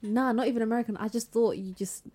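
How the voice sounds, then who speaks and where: A woman's voice: on the high side, fairly even intonation, fast talker, dark tone. A woman, chatting playfully as a podcast guest. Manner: chatty, playful, fond of doing accents. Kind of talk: casual chat.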